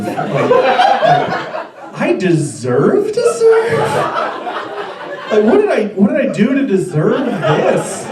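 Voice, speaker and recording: Heard from far off in a roomy club recording, a twentysomething comic rambles through a self-deprecating stand-up set with stammering restarts as the audience laughs. His voice is on the high side and sing-song, at a measured pace, against a noisy background.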